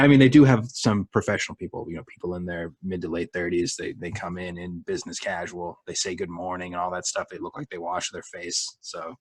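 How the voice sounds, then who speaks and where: A man's voice: sits low, slightly rough, no room sound. A middle-aged man with a Boston accent, telling profane, sarcastic stories in casual chat. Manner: profane, ranting, sarcastic storytelling.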